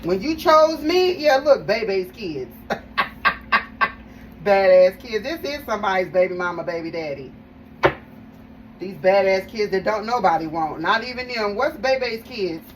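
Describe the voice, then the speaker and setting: Speaking at a measured pace with long pauses, this tarot reader has an animated, mid-range voice. She chats emphatically with her viewers during a casual reading, repeating phrases and addressing them directly. The mic sits slightly far off, with faint background noise.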